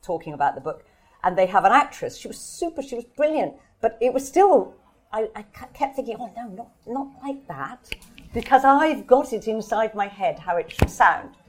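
A woman's voice: a little high, very animated, moderate pace. Thoughtful woman author answering questions. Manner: thoughtful, hesitant restarts. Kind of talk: live Q&A conversation.

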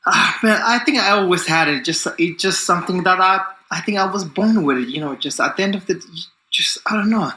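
A confident man in his forties talks about himself in a loose, easygoing flow, circling back with fillers. His voice sits a little high and rings bright and forceful. The room around him is echoey. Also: a little fast. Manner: confident and upbeat, loose and rambling with many fillers. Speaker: guest, distance runner. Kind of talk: casual interview talk.

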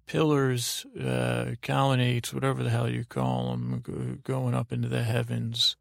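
A man's voice: mid-range voice, unhurried, creaky, dry recording, clean studio sound. A man hosting a podcast, telling a meandering bedtime story full of ums and restarts. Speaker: podcast host.

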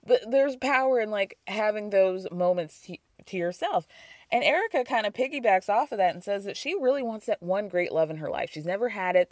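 A woman's voice: medium pitch, expressive, fairly quick, a little mellow, no room sound, studio quality. A woman hosting a casual recap podcast, gossiping and laughing as she acts out quotes, with a cold. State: has a cold. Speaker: podcast host.

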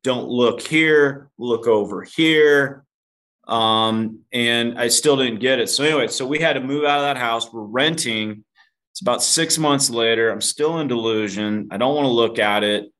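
A man's voice: mid-range voice, moderate pace, a bit bright. Candid, self-mocking man telling a story. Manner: self-deprecating, casual swearing; calls the host dude. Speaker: podcast guest. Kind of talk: candid storytelling in a podcast interview.

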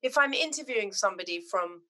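A middle-aged woman from Zimbabwe, chatting as a podcast guest and telling animated, heartfelt stories. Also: mid-range voice, quick pace. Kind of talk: casual chat.

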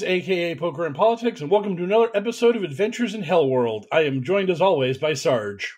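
A man hosts a podcast in loose, jokey chat. His voice sits a bit high and he teases himself as he talks. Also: expressive, darkish tone. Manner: playful, self-mocking, quick. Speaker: podcast host.

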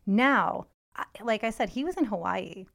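A young woman co-hosting a casual podcast chat, telling a story with lots of energy. She swears freely and acts out the people she quotes. Her voice sits in a middle pitch for a woman. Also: expressive, moderate pace, creaky, a bit bright. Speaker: podcast co-host.

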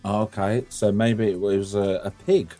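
A man's voice: lowish voice, fairly even intonation, measured pace, warm tone, soft background music. A man hosting a casual podcast, rambling through stories, swearing freely and laughing often. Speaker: podcast host.

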